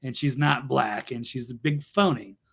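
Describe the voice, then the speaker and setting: A man's voice: medium pitch, normal speed, gravelly, noisy background. A man hosting a political talk show, commenting in a blunt, mocking way with lots of restarts and fillers. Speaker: show host.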